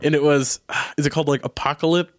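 A man telling stories in casual chat, animated and swearing often. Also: a little high, fast, no echo, studio quality. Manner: animated storyteller, swears a lot. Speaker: bartender.

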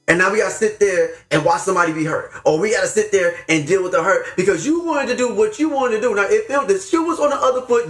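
A man's voice: sits high, a bit bright, echoey room. A man hosting a faith podcast, talking with fervent, slangy preachiness, upset and near tears. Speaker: podcast host. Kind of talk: impassioned faith talk.

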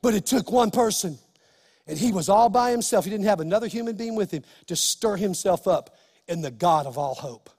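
A male pastor preaching an impassioned sermon, building to shouts. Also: high-pitched, expressive, a little fast, husky, in a large hall.

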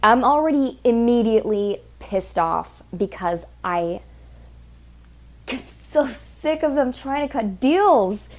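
A woman rants in a casual monologue about her work as an exotic dancer, swearing often and sounding fed up, her pitch jumping suddenly. Her voice is animated, and she takes it slowly.

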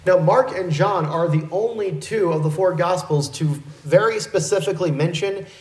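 A male pastor giving an expository sermon in a measured, explanatory teaching manner. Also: sits high, echoey room, poor audio.

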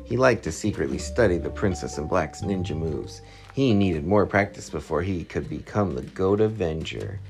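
A man reading a storybook aloud to his child, lively and expressive, with a gravelly voice. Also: low voice, normal speed, faint music behind. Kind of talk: bedtime story read-aloud.

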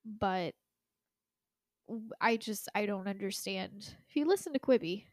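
A woman in her twenties co-hosts a podcast, chatting casually, giggling and filling her speech with "like." Her mid-range voice is unhurried and darkish, recorded at studio quality with no room sound.

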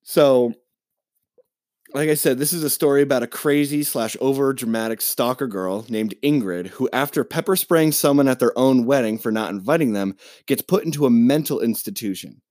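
A man's voice: mid-range voice, normal speed, no echo, studio quality. Profane man ranting about a movie. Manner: profane, animated movie rant. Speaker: podcast co-host. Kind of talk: casual chat.

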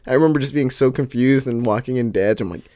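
A man's voice: medium pitch, fast, warm tone, dry recording. A man chatting casually, teasing his brother and cutting in with questions. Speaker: older brother. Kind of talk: casual chat.

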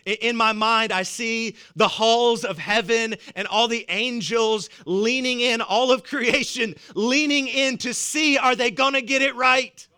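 A man's voice: very high voice, fairly even intonation, unhurried, few pauses, bright, forceful tone, clear, resonant tone. A man with a Southern US accent preaching a sermon as pastor, emphatic and repeating words for weight, chuckling between points. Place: church.

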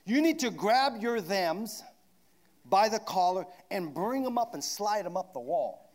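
A man preaching a sermon, swinging from shouted declarations down to hushed asides. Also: sits high, big pitch swings, unhurried.

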